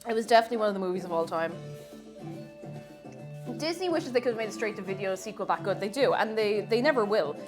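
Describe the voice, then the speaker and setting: A woman streamer chatting casually while cooking, rambling through deadpan absurd jokes. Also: medium pitch, fast, pauses often, over music.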